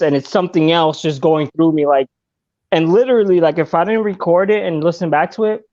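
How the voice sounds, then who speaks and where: A man's voice: a little high, brisk, darkish tone, lo-fi sound. A man hosting a live podcast, talking loosely with frequent swearing and stumbling over his words. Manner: loose, swears often, self-consciously stumbling. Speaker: podcast host. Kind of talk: casual live-stream podcast chat.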